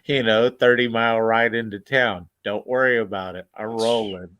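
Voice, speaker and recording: A man's voice: lowish voice, fairly even intonation, moderate pace, fairly bright tone, clean tone, no room sound, dull audio. A man telling a long story in casual chat, laid-back and profane, laughing as he goes.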